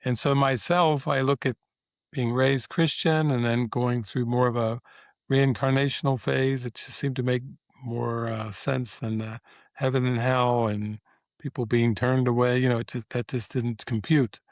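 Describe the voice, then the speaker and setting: An older man, a spiritual teacher, appears as a guest in a relaxed, casual interview. He meanders and reflects with many pauses and fillers, his mid-range voice recorded with no echo.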